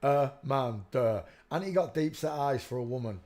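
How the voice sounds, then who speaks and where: Talking fast with lively intonation, a man hosts a casual live stream, rambling and pointing viewers to pictures with frequent "look"s. His voice is a little high and mellow.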